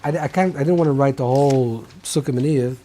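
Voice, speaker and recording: A man's voice: mid-range voice, brisk, warm tone. A man teaching a rabbinical class in an informal lecture style, thinking aloud with many restarts and mixing Hebrew terms into English.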